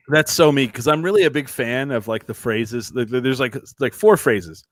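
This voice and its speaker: A man's voice: mid-range voice, unhurried, dry recording. A man hosting a casual chat show over a video call, telling stories and swearing freely. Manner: animated storyteller, swears freely, acts out quotes. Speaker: podcast host.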